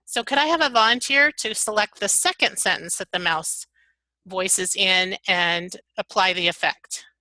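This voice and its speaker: A woman presenting a software tutorial webinar, walking through the steps one at a time. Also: mid-range voice, moderate pace, dry recording, low-quality recording. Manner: upbeat step-by-step instructions.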